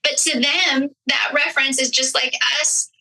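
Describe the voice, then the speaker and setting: A woman's voice: high voice, fairly even intonation, normal speed, pushed and bright, poor audio. A woman, a stage actress and director, recalls her mentors on a podcast in a reflective, storytelling way. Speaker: actress, writer and director guest. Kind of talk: podcast interview.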